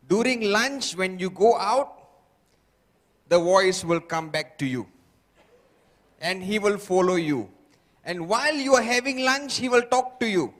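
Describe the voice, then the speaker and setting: A man's voice: high-pitched, fairly bright tone. A man giving a motivational seminar talk who keeps firing rhetorical questions at the audience. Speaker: motivational speaker. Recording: long reverb of a large hall.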